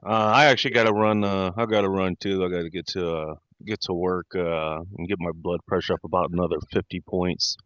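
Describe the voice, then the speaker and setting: A man with a low, smooth, resonant voice makes sarcastic asides as a guest. The sound is dry and dull, like lo-fi remote audio. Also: steady tone, brisk, few pauses, a bit bright. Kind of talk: casual chat.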